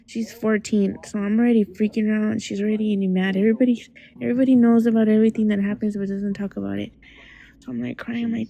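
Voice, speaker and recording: A young adult woman calling in to tell a scary childhood memory in a hushed, dramatic way that often drops to a whisper. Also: medium pitch, fairly even intonation, quick pace, creaky, poor audio. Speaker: caller. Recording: call-in audio.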